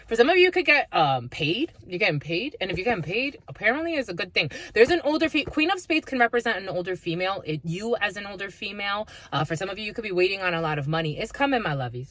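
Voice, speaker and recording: A woman's voice: medium pitch, expressive, quick pace, few pauses, fairly bright tone, a little hiss or hum. A woman giving a tarot reading, blunt and mocking, swearing freely as she talks to her viewers. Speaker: tarot reader. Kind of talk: spiritual reading with profanity.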